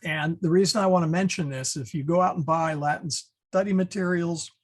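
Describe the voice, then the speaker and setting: A man teaching an online Latin class over a video call, relaxed with many fillers and restarts. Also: on the high side, a little fast.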